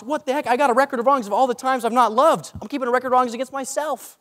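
A young man preaching a sermon in an animated way, joking about his own faults. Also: extremely high pitch, rapid-fire, few pauses. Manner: animated, self-mocking asides. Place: large church hall. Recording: long hall reverb.

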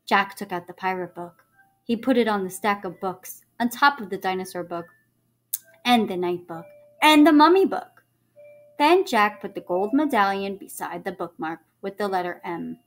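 A woman teacher reading a children's book aloud to her students, expressive and animated, checking in with them along the way. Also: medium pitch, normal speed, soft background music.

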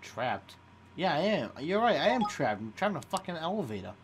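A young man giving loud, excitable gameplay commentary, swearing and laughing often. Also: on the high side, fairly quick, background noise. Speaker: gaming YouTuber.

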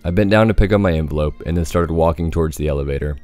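Deep-voiced man, dramatic horror storytelling, faint music under. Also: racing, darkish tone. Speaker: narrator. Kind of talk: scripted horror narration.

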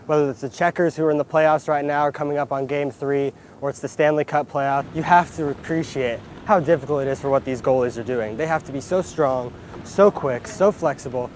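A man reports from a hockey rink, still panting hard after an exertion. His voice sits slightly high, and he presses his points with earnest emphasis. Faint noise runs underneath. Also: steady tone, a little fast, a little mellow. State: out of breath. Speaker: sports reporter. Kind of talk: on-camera wrap-up to viewers.

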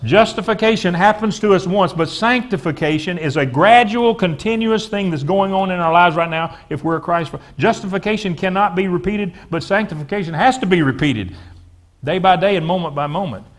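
A pastor delivering a sermon in a church sanctuary. His voice sits a little high for a man. He talks straight to his flock, asks them to repeat phrases back, and stumbles over repeated words as he presses his points. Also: brisk. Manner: preaches with call-and-response to the congregation, repeats words.

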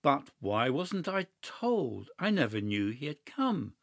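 A man's voice: mid-range voice, sing-song, takes it slowly, gravelly, no echo, full character voice. A man reading a story aloud, voicing a flustered, indignant middle-aged country squire who protests in alarm. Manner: agitated, protesting, stammering.

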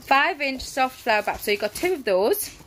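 In a high, animated and slightly bright voice at a moderate pace, a young pregnant vlogger breathlessly walks through her family's groceries, chatting, laughing and self-correcting. A little hiss or hum sits under the recording.

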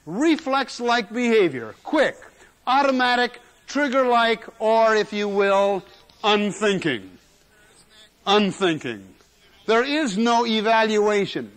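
A man's voice: sits high, fairly bright tone. A man, possibly older, giving a classroom lecture on general semantics in an emphatic manner, repeating key words for effect, in a 1970s lecture recording.

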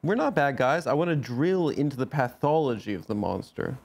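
A man's voice: medium pitch, expressive, a little fast, gravelly, darkish tone. A man co-hosting a comedy podcast, playful and stubborn in casual banter. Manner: goofy, playful, stubborn bits. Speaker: podcast co-host.

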